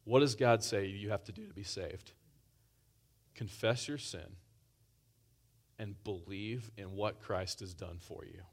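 A man's voice: lowish voice, measured pace, pauses often. Conversational male preacher, restarts a lot. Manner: conversational, many restarts, rising emphasis. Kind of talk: sermon.

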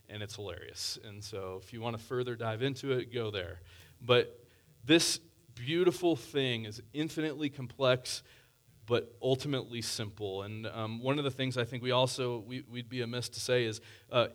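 Male pastor, mid-pitched voice, earnest conversational sermon with scripture readings.

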